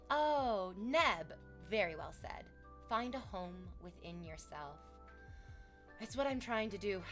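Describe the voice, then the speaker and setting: A young woman chatting casually on a live stream, excitable and swearing freely. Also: medium pitch. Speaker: livestreamer.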